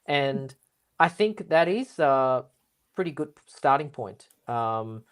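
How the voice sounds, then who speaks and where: A man's voice: medium pitch, animated, takes it slowly, clean tone. A man speaking as a guest in a casual business interview, explaining things at length with lots of fillers and restarts. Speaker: guest expert.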